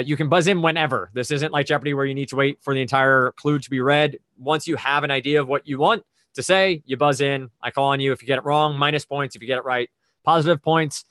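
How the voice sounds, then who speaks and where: A man's voice: mid-range voice, a bit bright, dry recording, clean studio sound. A man hosting a trivia quiz over a video call, explaining the rules and reading clues in a conversational, methodical way with chatty asides.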